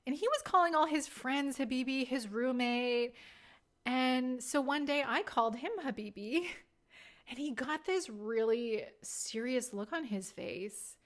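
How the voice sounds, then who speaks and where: A woman in her thirties tells her dating stories in a relaxed, candid monologue. She pokes fun at herself and laughs easily. Her voice sits a little on the high side. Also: unhurried. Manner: candid, self-deprecating, laughs often. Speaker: podcast host. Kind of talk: casual storytelling monologue.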